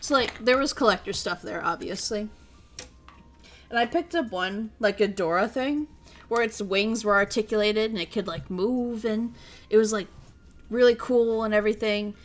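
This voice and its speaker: A woman's voice: medium pitch, moderate pace. A young woman from Minnesota, a streamer telling stories in casual chat, rambling and swearing freely. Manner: rambling, profane storytelling.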